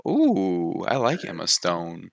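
A man's voice: low-pitched, huge pitch swings, slow, vocal fry, noisy background. A man co-hosting a podcast, talking in a casual, jokey, blunt way among friends and laughing often. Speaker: podcast co-host. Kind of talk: casual group chat.

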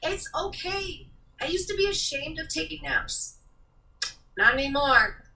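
High, bright, emphatic woman guest. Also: expressive, measured pace, vocal fry, distant mic, poor audio. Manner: emphatic, motivational, close to tears. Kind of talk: casual interview chat.

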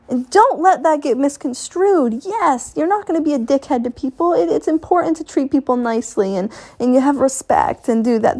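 Woman, podcast host, a bit high-pitched, blunt, sweary pep-talk monologue. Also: darkish tone. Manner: blunt, profane, motivational. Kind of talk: casual solo podcast monologue. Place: home in Maine.

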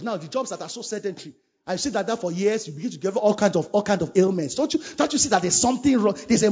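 A man's voice: sits high, a little mellow, breathy edge. A man preaching a sermon, urging his listeners with fervent, repetitive lines. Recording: dull lo-fi recording.

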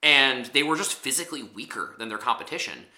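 A man's voice: medium pitch, lively intonation, fairly quick, sharp tone, roomy sound. A man co-hosting a podcast, musing aloud with loosely phrased opinions in casual chat. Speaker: podcast co-host.

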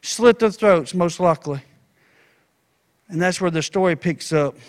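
A man preaching a sermon, retelling a story in an animated, folksy way. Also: high voice, a little slow.

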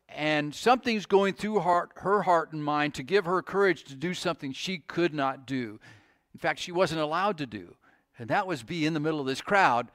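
A man's voice: high-pitched, a bit bright, dry recording, studio quality. A man preaching a sermon to his congregation, earnest, often restarting his sentences and asking the listeners questions. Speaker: pastor.

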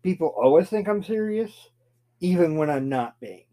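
A man co-hosting a casual podcast, teasing dryly in a deadpan way. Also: on the high side, normal speed. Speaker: co-host. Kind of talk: casual chat.

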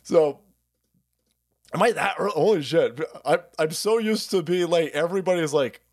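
A man's voice: fairly high pitch, normal speed. A man hosting a livestream, ranting in a sarcastic, profane, rambling way and often laughing between lines. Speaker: livestream host. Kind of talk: livestream rant.

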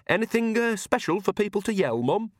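Man putting on a halting, eager grown son. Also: sits high, very animated, no room sound, studio quality, pitched above the performer's own voice. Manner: hesitant, halting with fillers. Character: big dutiful grown son, eager to please.

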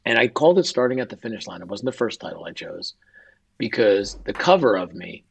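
A man's voice: lowish voice, big pitch swings, fairly quick, gravelly, breathy edge. A man, a guest and author, telling an emotional personal story in an interview and acting out quoted dialogue.

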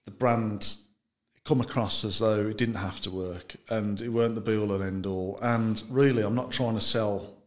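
Podcast guest: man, slightly low-pitched, relaxed rambling chat with frequent laughs. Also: normal speed. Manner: chatty, loose, laughs often, trails off mid-sentence. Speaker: gin brand founder, guest. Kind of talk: casual interview chat.

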